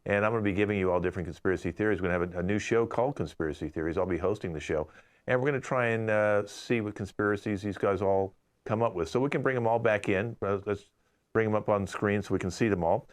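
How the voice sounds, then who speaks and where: A man hosting a live online improv show, running the games with brisk, playful banter over a video call. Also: on the low side.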